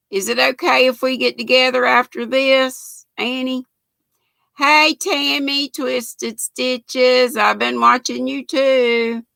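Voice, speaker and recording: A woman's voice: on the high side, gravelly, bright, forceful tone, no echo. A woman, hosting a casual livestream and chatting as she reads out viewer comments and greets people by name. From United States. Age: 60s. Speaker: channel host reading live chat.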